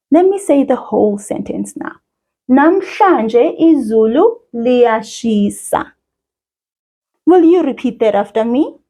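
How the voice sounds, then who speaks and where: A woman with a high, light voice runs a language lesson for young children. She talks slowly and cheerfully, in a sing-song way, as if straight to a small child watching. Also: expressive, mellow. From South Africa. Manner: cheerful, slow and sing-song, speaking directly to a child viewer.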